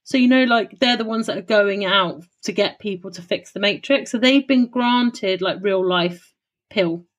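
A woman co-hosting a podcast in casual chat, animated and swearing freely as she spins playful theories. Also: mid-range voice, moderate pace, highs cut off. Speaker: podcast co-host.

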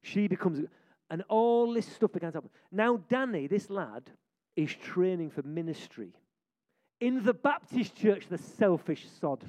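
A man preaching, telling stories in an excitable, jokey way. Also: sits high, unhurried. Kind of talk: lively sermon storytelling.

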